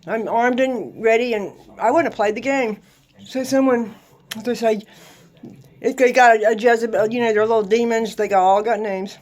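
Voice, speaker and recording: A woman in her sixties with a slightly high voice, chatting casually to camera about faith. She jokes, laughs often and punctuates her points with little sound effects. She is blunt and swears now and then. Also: normal speed, darkish tone. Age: 60s. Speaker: vlogger. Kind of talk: casual faith-talk monologue.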